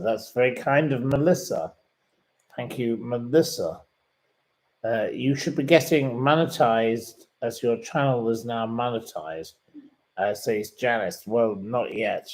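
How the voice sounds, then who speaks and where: A man's voice: fairly low pitch, poor audio. A man hosting a casual livestream, reading out viewer comments in an indignant, repetitive manner. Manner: indignant and plummy, repeats himself. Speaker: livestream host. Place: sitting room.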